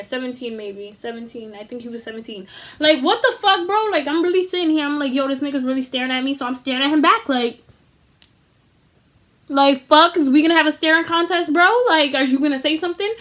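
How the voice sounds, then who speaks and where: A young woman tells a casual storytime in a high voice, animated and full of slang and swearing. She acts out what everyone said as she goes. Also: a little fast. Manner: acts out dialogue in quoted voices. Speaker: vlogger.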